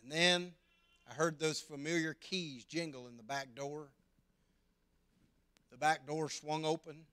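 Earnest preacher, loud then hushed. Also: male voice, fairly high pitch, fairly even intonation, measured pace, long pauses, clear, resonant tone. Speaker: pastor. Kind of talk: sermon.

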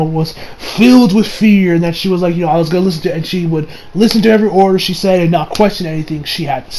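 A man giving a casual anime review, excited and rambling, who swears now and then. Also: high voice, poor audio.

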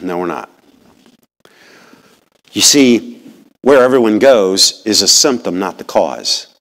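A man preaching a lively sermon in a church. His pitch swings widely, rising high when he presses a point and dropping low and quiet at others. He talks folksy and direct, questioning the congregation. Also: slow. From rural upbringing. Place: church sanctuary.

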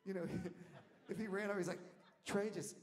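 A man telling a rambling story from the stage of a concert hall, animated and laughing, shouting out the lines he quotes. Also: high voice, fast. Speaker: musician telling stories on stage. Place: concert hall, live audience. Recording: audience tape in a reverberant hall, faint noise.

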